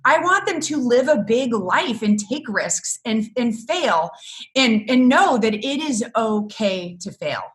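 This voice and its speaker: A middle-aged woman, a business coach, chatting in an interview and telling lively stories with frequent laughter. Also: on the high side, a little slow. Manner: animated storyteller, laughs often. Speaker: guest, business coach for photographers. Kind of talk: casual interview chat.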